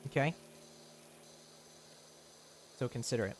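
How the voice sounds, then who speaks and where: A man's voice: medium pitch, takes it slowly, a little hiss or hum. A young man live-streaming who chats loosely and jokingly with his viewers, rambling and often laughing. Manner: rambling, joking, answers chat with frequent laughs. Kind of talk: casual live-stream chat.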